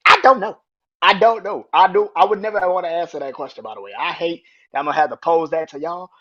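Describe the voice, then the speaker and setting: A young man hosting a podcast in a casual, excitable monologue, swearing freely and filling his talk with "like". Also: fairly high pitch, lo-fi sound. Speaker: podcast host. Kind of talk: casual monologue about music.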